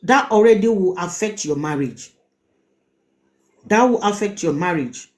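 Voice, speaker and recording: A middle-aged Nigerian-accented woman talks straight to her live audience as their advice host. She presses her points hard, repeats words and throws out rhetorical questions. Her voice sits at an ordinary pitch for a woman. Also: lively intonation, a little slow, a little mellow. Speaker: host giving relationship advice. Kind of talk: live-stream advice talk.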